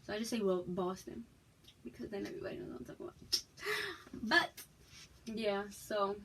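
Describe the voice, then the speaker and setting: A woman's voice: medium pitch, steady tone, moderate pace, a bit bright, a little hiss or hum, rough recording. A young woman from Massachusetts, frank and emphatic, telling her personal story to her viewers in a casual vlog. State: pregnant, expecting a child. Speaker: vlogger.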